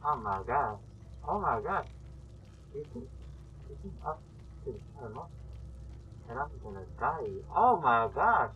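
Man, game streamer, excitable, greets chat, swooping pitch, slow unhurried talk, slightly muffled. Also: slight background noise. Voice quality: muffled by a costume mask. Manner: excitable, greets chat viewers by name, bursts of yelps. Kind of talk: casual live-stream chat while gaming.

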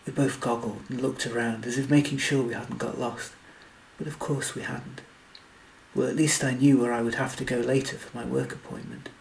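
A man reading a story aloud in steady scripted narration. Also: medium pitch, creaky, slight background noise, poor audio. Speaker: audiobook narrator.

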